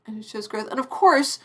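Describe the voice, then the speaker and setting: Woman around 40 gushing live on stream, chatty, keeps restarting sentences, middle pitch. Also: a bit bright. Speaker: TV review streamer. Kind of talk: live-stream review chat.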